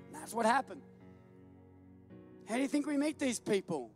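A man preaching with a very high, light voice, joking about himself and breaking into laughter as he tells stories. Faint music sits under his sermon. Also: moderate pace, long pauses. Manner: self-deprecating, animated storytelling with laughs. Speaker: pastor. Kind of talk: humorous sermon.

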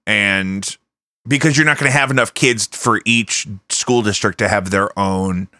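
A man's voice: lowish voice, a little slow, sharp tone, no room sound. A man hosting a podcast at home, rambling and cursing freely as he thinks aloud. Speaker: podcast host. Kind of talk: casual chat.

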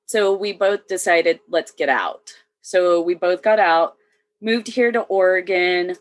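A woman's voice: fairly low pitch, fairly even intonation, measured pace. A woman in her thirties, a military veteran, talking as a guest in a casual chat and often laughing between sentences. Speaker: podcast guest.

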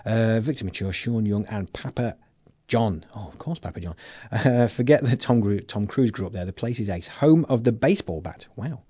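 A man's voice: lowish voice, expressive, moderate pace, mellow, husky, dry recording, clean studio sound. A man from England hosting a local podcast, chatting in a jokey, rambling way with lots of fillers. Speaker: podcast host. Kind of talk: casual chat.

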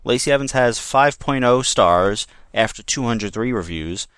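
A man co-hosting a casual podcast chat, talking in a dry, low-key way. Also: animated, unhurried, fairly bright tone, clean tone, dry recording. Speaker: podcast co-host.

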